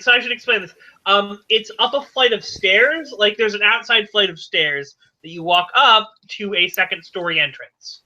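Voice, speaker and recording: A woman running a tabletop role-playing game as game master, narrating in an animated way and laughing often. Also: fairly high pitch, muffled recording.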